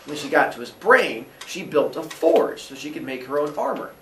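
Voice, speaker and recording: A man's voice: a little high, normal speed, recorded from a distance, slight background noise. Fields: speaker: playful man, storyteller. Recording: roomy, off-mic. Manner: playful, jokey, animated. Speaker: host and storyteller, father. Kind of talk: casual retelling of a myth.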